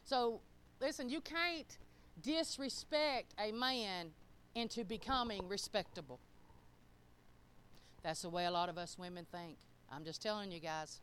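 A woman preaching a sermon, speaking conversationally and swinging between loud emphasis and soft asides. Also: medium pitch, animated, unhurried, long pauses, smooth. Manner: conversational, with colloquial grammar.

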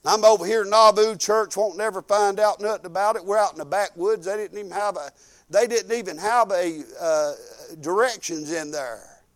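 A man's voice: high-pitched, normal speed. An older man, a pastor telling folksy stories in a sermon and acting out the quotes. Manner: folksy, animated storytelling with acted-out quotes. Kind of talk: storytelling sermon.

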